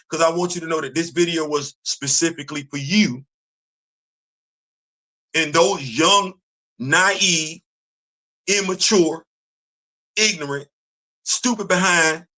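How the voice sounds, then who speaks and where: In this casual opinion video, a video commentator with a sharp-toned, somewhat high voice lectures the camera. He scolds, preaches, and says the same things again and again.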